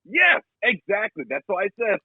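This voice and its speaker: A young man co-hosting a podcast, his fairly high voice swinging through a wide, animated range. He jokes crudely and swears freely. His tone is a bit husky, and the sound is dry and dull, like lo-fi podcast audio. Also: normal speed, no room sound. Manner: crude, profane, jokey. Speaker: podcast co-host. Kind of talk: casual comedic chat.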